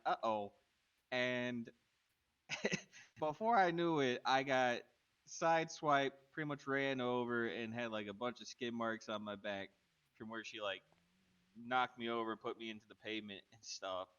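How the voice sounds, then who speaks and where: A man's voice: mid-range voice, moderate pace, a bit bright, clear, resonant tone, highs cut off. A man telling a rambling in-character story during a roleplay game stream, chuckling between sentences. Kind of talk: casual in-character chat.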